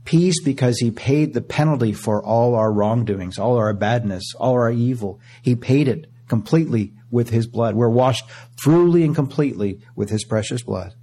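Dark, husky-voiced male preacher. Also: mid-range voice, normal speed. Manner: reads scripture with rising emphasis, addresses listeners as beloved. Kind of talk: sermon. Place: auditorium.

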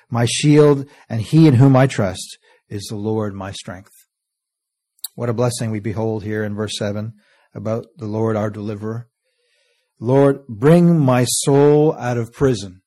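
A man preaching a sermon, earnest, reading scripture slowly and letting phrase ends fall soft. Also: mid-range voice. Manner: earnest, often trailing off softly at phrase ends; reads scripture in slow, stressed King James cadence.

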